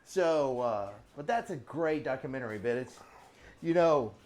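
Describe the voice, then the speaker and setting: A man's voice: medium pitch, animated, moderate pace. A middle-aged man hosting a casual workshop chat, telling long rambling stories and chuckling often. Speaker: host.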